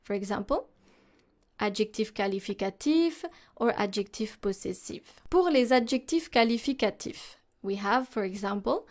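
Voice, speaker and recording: A woman teaching French pronunciation, explaining slowly and carefully and modelling words for the listener to repeat. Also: mid-range voice, expressive. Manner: slow and deliberate, models words for repetition. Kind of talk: slow instructional explanation.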